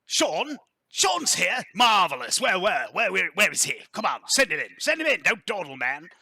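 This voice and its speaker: A man voicing a blustery, jovial retired admiral lord with a booming, pompous manner. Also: huge pitch swings, normal speed, creaky, sharp tone, no echo, full character voice. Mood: bluff jovial.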